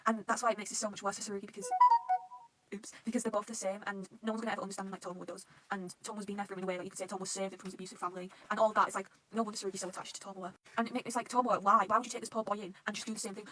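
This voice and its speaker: A young woman chatting casually about a manga she is reacting to, gushing, excitable and swearing a lot. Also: medium pitch, racing, a little hiss or hum, low-quality recording. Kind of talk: casual fan reaction chat.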